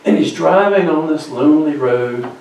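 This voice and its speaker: Man, storytelling sermon, acts out the voices, booming hall echo, heard from a distance. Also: expressive, normal speed, vocal fry, a little mellow. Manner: acts out quoted voices, drops to near whispers. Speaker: guest speaker. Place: church sanctuary. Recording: very echoey church recording from far off.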